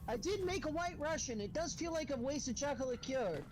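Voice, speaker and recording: A man's voice: very high-pitched, animated, fairly quick, background noise. A man with a lisp chatting playfully and theatrically while gaming with a friend, heard over a voice call. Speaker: co-player on a game stream. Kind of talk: casual gaming chat.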